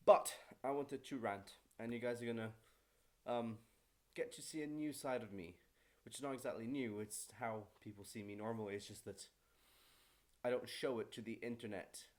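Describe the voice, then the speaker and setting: A young man talks straight to camera in a casual ranting vlog, at an ordinary middle pitch. He is chatty and fast, restarts his sentences, and swings between louder bursts and quieter asides. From born in Morocco, raised in Brazil and Paris. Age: young adult. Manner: chatty and quick, self-correcting, lively swings in loudness. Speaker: vlogger and student pilot.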